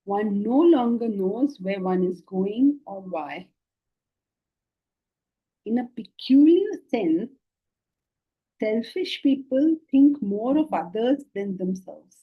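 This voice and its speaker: A middle-aged woman teaching spiritual philosophy to a class, lively and often questioning her listeners. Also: medium pitch, slow pace, long pauses, slightly rough, narrow, tinny audio. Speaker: Vedanta teacher. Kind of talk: spiritual lecture.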